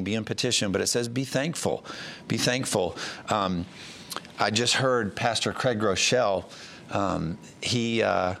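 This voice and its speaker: A man's voice: lowish voice, gravelly, fairly bright tone, slight background noise. A man from the United States, a pastor giving a conversational sermon, plain-spoken with frequent fillers and restarts.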